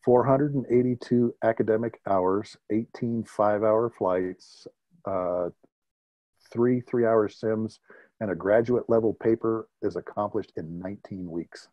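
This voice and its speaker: A man in his fifties, a retired military pilot, telling lively anecdotes as an interview guest and chuckling at his own stories. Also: fairly low pitch, unhurried, no echo, lo-fi sound. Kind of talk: conversational interview storytelling.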